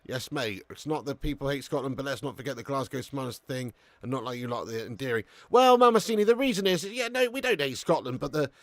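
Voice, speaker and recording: A man's voice: mid-range voice, sing-song, fast, hardly any pauses, no echo. A man hosting a live football watch-along, bantering brashly with viewers, swearing often and reading their comments aloud. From England.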